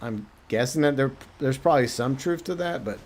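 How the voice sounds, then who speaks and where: A man hosting a game stream, chatting and speculating about the story in a thoughtful, halting way. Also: medium pitch, lively intonation, a little hiss or hum. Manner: thoughtful, speculating, many restarts. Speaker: streamer host. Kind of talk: casual gaming chat.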